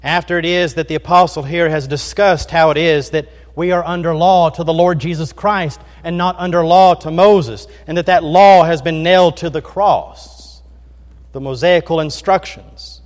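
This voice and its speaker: A man with a high voice preaches earnestly, pressing his listeners with rhetorical questions and stressing each point. His voice rings out with a long reverb from a large hall. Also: fairly even intonation, moderate pace. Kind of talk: sermon.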